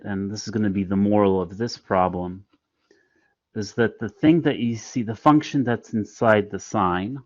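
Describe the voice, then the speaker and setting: A math instructor teaches an online class, explaining the lesson patiently and step by step with frequent fillers. His voice is fairly low in pitch, on a dry recording with the highs cut off.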